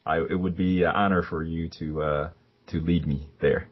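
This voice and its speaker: A man voicing a halting, overly polite young man. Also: extremely low pitch, steady tone, slightly rough. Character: earnest, formal young man, emotional but trying to be proper. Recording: dull, lo-fi sound.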